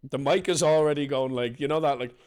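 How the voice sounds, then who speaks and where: A young man, a podcast co-host and comedian, joking and swearing in quick casual banter. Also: a little high, a little mellow, clean tone. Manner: jokey, swears a lot, quick asides.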